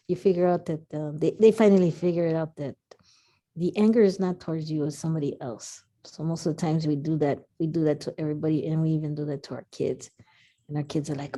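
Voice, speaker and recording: A woman with a very dark, mellow voice and a slightly low pitch talks casually in an online workshop. She rambles and halts, filling her pauses with fillers. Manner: rambling, halting, with many fillers. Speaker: workshop participant. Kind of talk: casual sharing.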